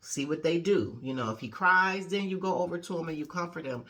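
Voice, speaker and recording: A woman life coach giving a casual motivational talk, conversational and lively, often adding "you know" and "okay". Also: fairly quick. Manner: animated storyteller, acting out quotes with big pitch jumps.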